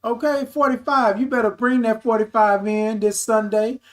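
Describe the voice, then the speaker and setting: High-voiced animated man hosting a livestream. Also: normal speed. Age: 50s. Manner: animated, affectionate, calls viewers baby and y'all. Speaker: livestream talk show host. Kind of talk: casual livestream chat reading comments.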